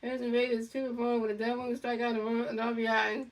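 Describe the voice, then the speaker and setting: A woman's voice: on the high side, level tone, fast, few pauses, recorded from a distance, low-quality recording. A woman giving casual, rambling play-by-play of a baseball video game, repeating herself often. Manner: rambling and repetitive, lots of restarts. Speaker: gaming channel host.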